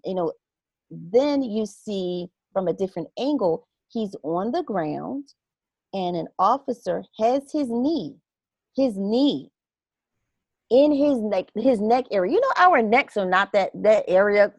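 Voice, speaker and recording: A woman in casual conversation, earnestly recounting what she saw and acting out her own reactions with animated asides. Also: mid-range voice, no room sound. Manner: earnest and reflective.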